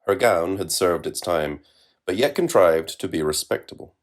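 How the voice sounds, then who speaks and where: Low-voiced man reading literary fiction. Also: animated. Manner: measured, wry literary reading. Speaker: narrator. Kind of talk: scripted narration of literary fiction.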